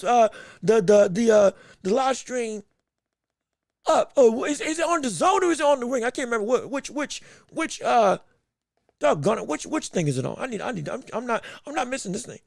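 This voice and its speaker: A man hosting a live boxing podcast, talking casually and getting excitable, repeating words when he gets flustered. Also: very high-pitched, a little fast, gravelly, dry recording, studio quality. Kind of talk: casual live-stream commentary.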